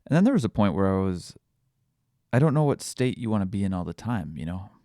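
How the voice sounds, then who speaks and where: A man hosting a podcast, thinking out loud in a casual reflective monologue, searching for words with frequent restarts. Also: lowish voice, big pitch swings, fast talker, no room sound, clean studio sound. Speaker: podcast host.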